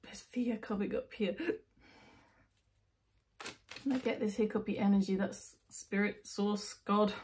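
A woman's voice: medium pitch, steady tone, measured pace, long pauses, a little mellow, a little hiss or hum. A woman giving a tarot reading to viewers, thinking aloud with restarts and asides and getting emotional as she goes. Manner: emotional, intuitive, self-interrupting. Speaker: tarot reader.

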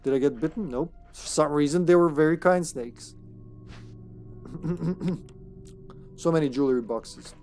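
A game streamer giving chatty live commentary on a horror game, excitable and swearing when startled. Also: mid-range voice, measured pace, long pauses, faint music behind.

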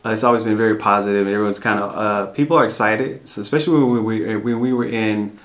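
A man's voice: on the low side, fairly even intonation, quick pace. An American man from Arkansas chatting casually in a family Q&A, often repeating words and restarting his sentences. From Arkansas, USA. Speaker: family vlog co-host. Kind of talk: casual Q&A chat.

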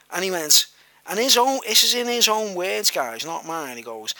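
A man's voice: high-pitched, lively intonation, normal speed, sharp tone, no echo, rough recording. A man telling a personal story straight to camera, rambling with many "like"s and "you know"s and talking to viewers as guys.

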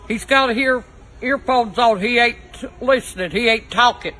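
A woman's voice: a little high, moderate pace, fairly bright tone, poor audio. An older woman, ranting in a foul-mouthed, cranky way through mock news and weather reports outdoors on a balcony. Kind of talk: profane comic rant to camera.

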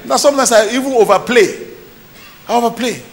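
A man's voice: very high-pitched, a little fast. A male pastor preaching a sermon in church, emphatic and often asking the congregation whether they are listening. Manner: emphatic preaching with call-and-response questions. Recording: reverberant church hall with faint noise.

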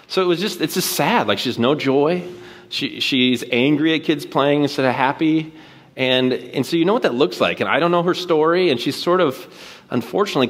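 A man preaching from a church stage in a relaxed, conversational way. His voice sits at a middle pitch, and he tells a neighborhood story before turning to his point. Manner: casual, storytelling, animated quoted voices. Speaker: guest preacher. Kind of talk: sermon with personal story.

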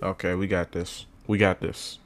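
A young man commenting casually on a video game at home, muttering low, then yelling when excited, repeating himself with lots of bro and man. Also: moderate pace. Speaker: gaming YouTuber. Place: at home indoors.

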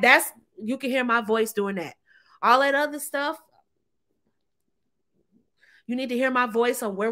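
Bright-voiced sassy woman. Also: on the high side. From United States. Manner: sassy, emphatic, laughs often, addresses viewers as ladies and honey. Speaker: relationship advice vlogger. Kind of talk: casual talk to camera.

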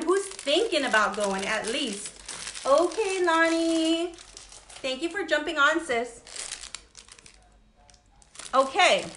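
A woman's voice: high-pitched, bright, forceful tone, roomy sound, a little hiss or hum. A woman hosting a live jewelry sale, chatting casually and greeting viewers by name in an upbeat, friendly way. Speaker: jewelry seller hosting a livestream. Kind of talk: casual live sales chat.

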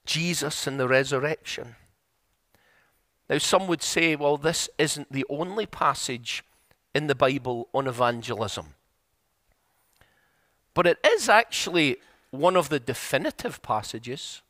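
A middle-aged male preacher delivers a sermon in an earnest, story-driven way, pressing his points home with repetition. His voice sits high for a man. The sound is close and dry, with little room echo. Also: expressive, unhurried, bright, forceful tone. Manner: earnest, storytelling, building to emphatic repeated points. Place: church.

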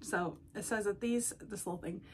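A woman hosting a casual unboxing vlog at home, gushing and excitable as she talks to her viewers. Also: mid-range voice, normal speed, slight background noise. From United States. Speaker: doll collecting channel host.

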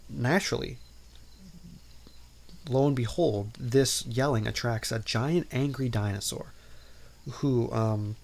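A man with a mid-range, gravelly voice hosts a podcast, casually recapping a movie. He rambles, packs his talk with "like" and "um," and keeps interrupting himself with playful asides.

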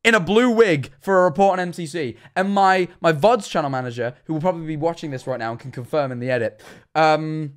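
A man's voice: fairly high pitch, brisk, clean tone. A man in his twenties chatting on a livestream, telling self-deprecating stories and stumbling over his words. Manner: stammering, self-deprecating storyteller. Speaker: streamer. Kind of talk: livestream reaction chat.

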